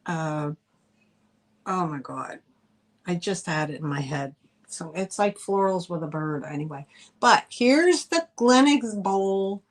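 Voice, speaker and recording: Slow, chatty middle-aged woman host. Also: on the low side, animated. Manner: chatty, rambling, laughs easily. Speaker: live sale host. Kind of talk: casual live-stream selling chat.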